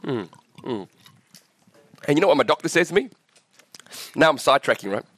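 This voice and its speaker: There's no room sound as a man in his forties, a pastor originally from Vietnam, delivers a church sermon while ill and coughing. His fairly bright voice is animated and a little fast. He preaches with passion, his pitch rising at climaxes, and keeps asking the crowd questions.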